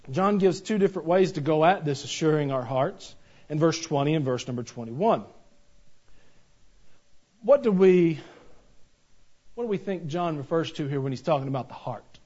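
A man preaching a sermon, animated and joking, with rhetorical questions to the congregation. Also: fairly high pitch, slightly rough. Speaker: pastor. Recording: dull lo-fi recording.

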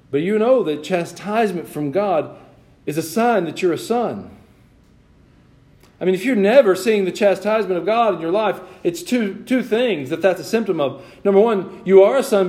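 A man's voice: high-pitched, lively intonation, moderate pace, a little mellow. A man preaching a sermon in church, swinging between emphatic points and chatty asides to the congregation. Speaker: pastor.

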